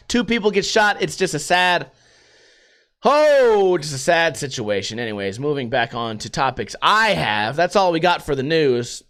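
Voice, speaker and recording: A man's voice: on the high side, expressive, moderate pace, fairly bright tone, smooth. A man hosting a solo podcast, ranting casually and profanely and throwing in put-on voices. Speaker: podcast host.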